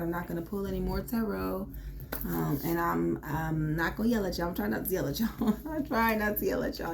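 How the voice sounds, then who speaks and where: A female tarot reader with a lowish, darkish voice and some vocal fry gives a casual reading, faint hiss or hum behind her. She's blunt and profane, swearing freely and urging her listeners on in an emphatic, pep-talk style.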